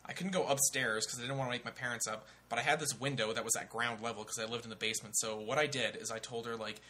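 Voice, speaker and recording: A young man telling a story on a comedy talk show in a casual, animated, profane way. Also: mid-range voice, fast talker, few pauses, a little hiss or hum. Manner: animated, profane, acts out other people's voices.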